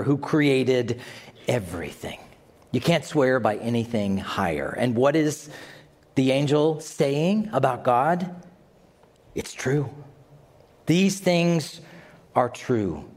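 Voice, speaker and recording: A man preaching a sermon to a congregation, animated and dramatic, with asides to his listeners. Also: mid-range voice, in a large hall. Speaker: pastor.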